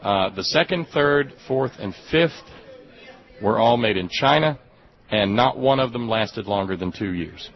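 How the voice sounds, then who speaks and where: A man speaking haltingly in a casual radio discussion, with many fillers and a gravelly voice. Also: mid-range voice, lively intonation. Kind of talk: casual radio interview talk. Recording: dull lo-fi radio audio.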